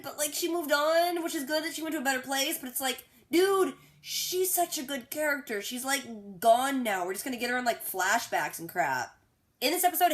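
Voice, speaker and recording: Excitable young woman vlogger, slightly high, a little under the weather, slangy recap with quick character voices. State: sick. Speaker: TV reaction vlogger. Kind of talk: casual recap and reaction.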